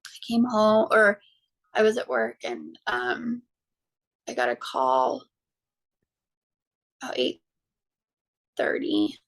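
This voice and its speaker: Woman guest, 30s to 40s, heavy vocal fry, fairly high voice, halting personal storytelling. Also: big pitch swings. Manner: halting, frequent ums and restarts, quoting her own words. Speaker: podcast guest, mother. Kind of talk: personal story told in an interview.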